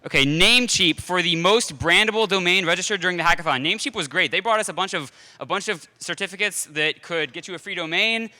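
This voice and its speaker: A man emceeing an awards segment, brisk and businesslike. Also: high voice, bright, forceful tone, long reverb tail. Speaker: event organizer and emcee.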